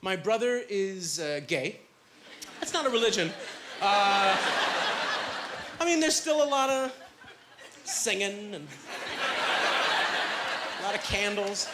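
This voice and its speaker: Stand-up comic, man in his thirties, higher voice, rambling self-deprecating delivery, live club noise. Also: animated, slow, pauses often. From Canada. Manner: chatty, self-deprecating storytelling with many fillers. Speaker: stand-up comedian. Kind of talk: stand-up comedy set. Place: comedy club stage with a live audience. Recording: live club recording with loud crowd laughter.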